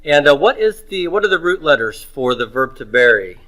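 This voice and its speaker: A middle-aged man reviews homework in a Hebrew grammar lecture, posing questions and answering them himself while drawing words out slowly. His voice is fairly high, sing-song, and sharp, and the audio quality is poor.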